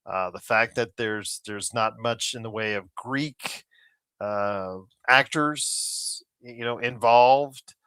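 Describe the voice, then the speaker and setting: Over a remote call mic, a podcast co-host rambles through casual chat full of fillers and restarts, exasperated and tired of online controversies. He has a medium-pitched, sharp, clear and resonant voice, speaks slowly, and the recording is dry.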